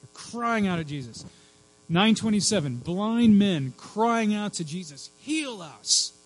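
A man preaching a sermon as pastor, dropping to a hush and then rising to loud cries for emphasis. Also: sits high, animated, a little slow, poor audio. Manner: swings from hushed to shrieking for emphasis.

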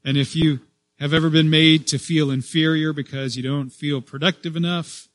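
A man's voice: on the high side, fairly even intonation, normal speed, no room sound. Emphatic preaching pastor, man. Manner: emphatic preaching, swelling louder on key phrases then dropping soft; repeats and restarts phrases as he speaks. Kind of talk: sermon.

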